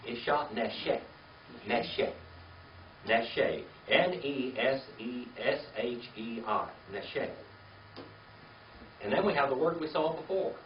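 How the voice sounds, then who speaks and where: A man's voice: mid-range voice, takes it slowly, long pauses, a crowd in the background. An older man leads a classroom lesson, patiently spelling out words and checking in with his students. He sounds distant in a roomy space. The recording is dull and lo-fi, with a faint hiss underneath. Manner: patient, coaxing, checks in with "okay?" and "all right?". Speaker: Hebrew teacher.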